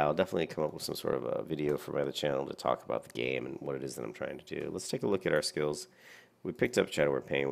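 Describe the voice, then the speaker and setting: A man's voice: rumbling low, vocal fry. A very tired man rambling through casual gameplay commentary, with lots of fillers and restarts. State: very tired, yawning.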